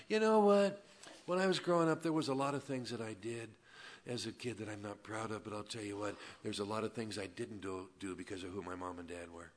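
A pastor with a fairly low voice preaches briskly at a Wednesday evening sermon. He alternates loud, emphatic declarations with quiet, conversational asides, peppering it all with a folksy "man" and "you know."

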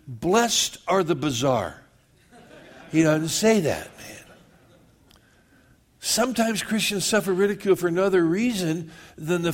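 A man preaching a sermon, slowing down for scripture and rushing through quick asides. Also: fairly high pitch. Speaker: pastor.

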